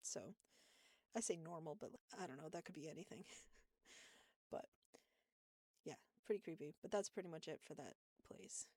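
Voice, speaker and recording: A woman's voice: sits low, animated, normal speed, pauses often, warm tone, dry recording. A young woman co-hosting a podcast, telling a workplace story in a rambling way with fillers and laughs. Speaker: podcast co-host. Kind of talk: casual storytelling chat.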